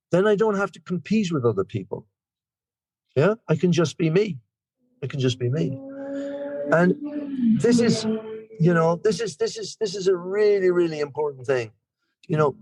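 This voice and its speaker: An Irish man in his sixties, speaking with an Irish accent, is the guest speaker at a recovery meeting held over video call. His voice is high with a darkish tone, recorded dry, and he shares in a rambling, chatty manner full of self-deprecating humor.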